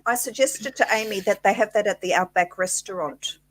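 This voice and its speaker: A woman's voice: mid-range voice, no echo. Chatty woman co-host. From Australia. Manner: chatty, quick to laugh. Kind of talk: casual chat on a live show.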